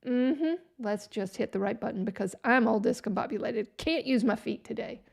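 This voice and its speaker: Woman host, gravelly, sarcastic, muttering to herself on a live stream. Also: on the high side, moderate pace, darkish tone. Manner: sarcastic, exasperated, talks to herself. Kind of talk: casual live stream chat.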